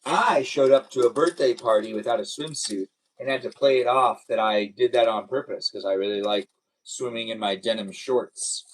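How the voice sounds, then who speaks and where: A man's voice: mid-range voice, moderate pace, poor audio. A young man hosting a casual live stream, chatting playfully and answering viewers' comments.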